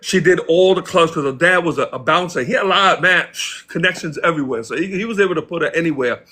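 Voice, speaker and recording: A man guest casually telling stories from his past in an interview, animated and acting out the people he quotes. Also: on the high side, fast, breathy edge. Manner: animated, acts out quoted voices. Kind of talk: casual storytelling.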